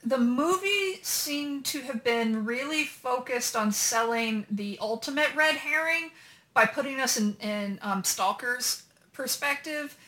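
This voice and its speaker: A woman co-hosting a podcast, discussing a film in an animated but deliberate way. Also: sits high. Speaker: podcast co-host. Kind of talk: casual discussion.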